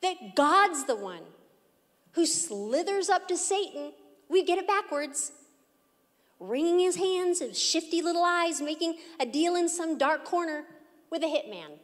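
A woman's voice: very high-pitched, expressive, a little slow. A woman pastor preaching an emphatic, earnest sermon in a church hall. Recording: echoey hall.

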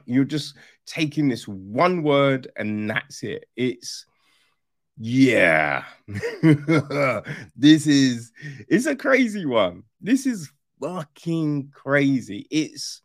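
A man's voice: mid-range voice, dry recording, studio quality. A man giving a casual, rambling spoken review, sarcastic and incredulous, swearing freely and checking in with "right?" as he goes. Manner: rambling with restarts and frequent "right?". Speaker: film reviewer.

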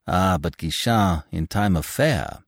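A man voicing a calm, clever young male doorkeeper who speaks with assurance. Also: low voice, slow pace, gravelly, no echo, studio quality, heavily acted. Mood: assured. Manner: assured, persuasive.

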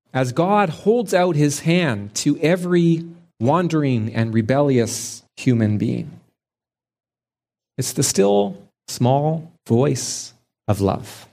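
A male preacher delivers a sermon at an unhurried, deliberate pace. His voice sits at a medium pitch, and he lets long pauses fall between his phrases as he reflects. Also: darkish tone.

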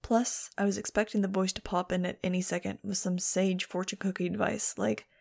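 A woman's voice: medium pitch, little pitch movement, a little fast, creaky, hardly any pauses, darkish tone. A woman narrating a first-person audiobook. Her delivery is dry and sardonic, in an ordinary mid-range voice.

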